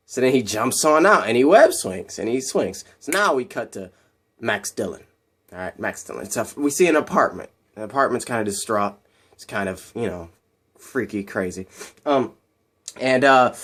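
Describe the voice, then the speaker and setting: A man's voice: medium pitch, fairly bright tone. A man casually retelling a film scene by scene, rambling and repeating himself as he goes. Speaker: video host.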